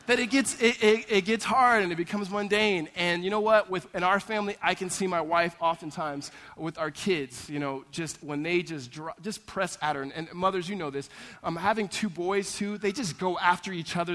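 Lively high-voiced man preaching in a hall. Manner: animated, conversational storytelling with repeated "right?". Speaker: pastor. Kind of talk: sermon. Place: church sanctuary.

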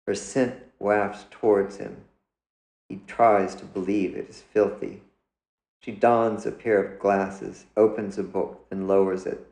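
A man, the author, reading his own literary story aloud in a measured, deliberate way. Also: on the low side, flat delivery, vocal fry, darkish tone, reverberant, low-quality recording. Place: indoors.

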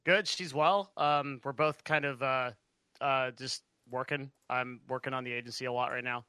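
A man's voice: medium pitch, steady tone, normal speed, pushed and bright, clean tone, dry recording, studio quality. A man co-hosting a podcast, talking in a polite, laid-back way with hesitant fillers. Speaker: podcast co-host. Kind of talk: casual podcast chat.

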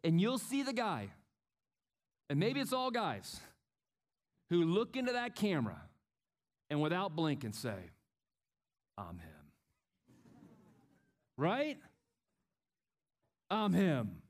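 Animated man preaching a sermon. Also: high voice, unhurried, pauses often. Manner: animated, acts out quotes with swings in loudness. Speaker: pastor.

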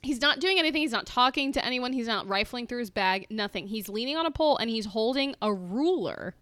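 A woman co-hosting a podcast in a playful, jokey casual chat full of quick asides. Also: on the high side, animated, fairly bright tone, no echo. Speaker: podcast co-host.

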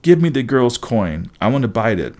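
A man voicing a grabby, quarrelsome blind old crone who yells. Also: medium pitch, sing-song, normal speed, close to an everyday voice. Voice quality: yelling.

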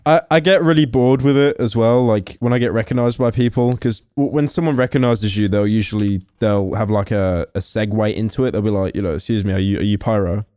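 A man's voice: mid-range voice, brisk, hardly any pauses, a little mellow, clean tone, no room sound, studio quality. A young British man from the United Kingdom, guesting on a podcast and telling stories in a sarcastic, profane way. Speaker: guest YouTuber. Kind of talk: casual podcast chat.

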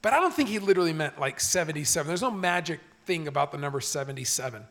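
A man's voice: a little high, expressive, quick pace, fairly bright tone. A middle-aged man preaching a sermon, telling a story in an earnest, conversational way. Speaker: pastor. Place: church stage.

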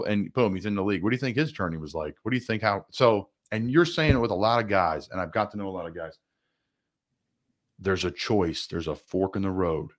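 A man's voice: low voice, a little fast. A man hosting a casual sports interview, earnest and reflective, asking a lot of rhetorical questions. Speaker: podcast host, former player.

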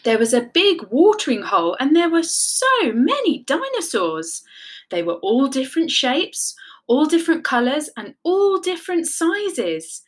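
A woman narrating a children's story, animated and encouraging, leading the listeners in counting. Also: sits high, a little slow.

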